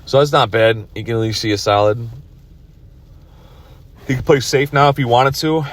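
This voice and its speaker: A man's voice: medium pitch, moderate pace. A tired man commenting on his own pool match from his car, rambling and self-critical. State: tired, yawning. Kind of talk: casual video commentary.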